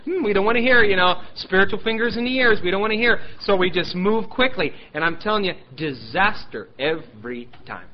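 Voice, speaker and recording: Emphatic preacher with a sore throat. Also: male voice, sits high, expressive, fairly quick, few pauses, muffled recording, slight background noise. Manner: emphatic, swings from loud declaiming to hushed asides. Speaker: pastor. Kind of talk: sermon with scripture reading.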